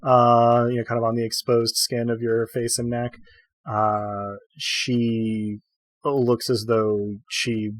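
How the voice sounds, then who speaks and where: A man's voice: medium pitch, little pitch movement, takes it slowly, no echo. A man narrating as game master for a tabletop role-playing game, describing scenes with frequent fillers.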